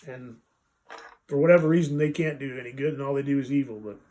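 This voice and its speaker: A man's voice: mid-range voice, fast, a little mellow. A man hosting a casual live vlog, rambling folksily with many fillers and restarts as he reads and explains a short scripture passage. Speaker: vlogger reading a Bible passage.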